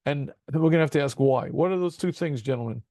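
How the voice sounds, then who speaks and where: Animated rabbi with a gravelly voice. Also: male voice, fairly high pitch, dry recording, clean studio sound. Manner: animated, rhetorical questions, addresses students as gentlemen; self-deprecating chuckles, quick asides. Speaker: rabbi teaching a Talmud class. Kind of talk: interactive Talmud lesson over video call. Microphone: video call.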